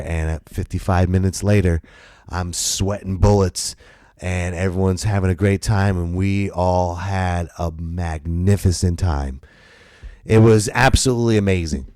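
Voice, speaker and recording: A man's voice: low-pitched, a little mellow, dry recording, clean studio sound. A man hosting his own podcast, telling a personal story in a casual, emphatic way, swearing and repeating himself for effect. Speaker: podcast host and comedian.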